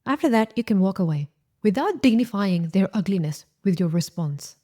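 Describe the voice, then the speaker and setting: A woman host giving gentle, coaching marriage advice straight to her listeners. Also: medium pitch, expressive, normal speed. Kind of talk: advice talk to camera.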